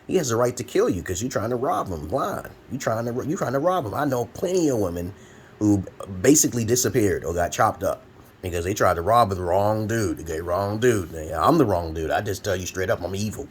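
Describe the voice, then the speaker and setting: Speaking from a home room where a fan runs, a Brooklyn man in his forties gives preachy, profane, blunt advice in a rambling vlog monologue. His voice is on the low side with lively intonation and a slightly fast pace. Slight background noise is audible.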